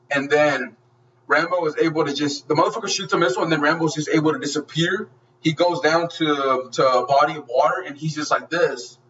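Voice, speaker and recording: A man with a slightly high voice gushes through an action movie plot, swearing constantly and throwing in gunfire noises. He sounds set back from a dull mic. A faint hiss sits under his voice. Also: far from the mic. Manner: excited, profane retelling with sound effects. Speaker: movie reviewer. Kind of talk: casual movie recap.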